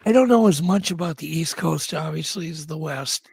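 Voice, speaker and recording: A male host with a high, husky voice asks relaxed questions in a casual chat. His delivery is easy and conversational. The sound is dry and close. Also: normal speed, dry recording.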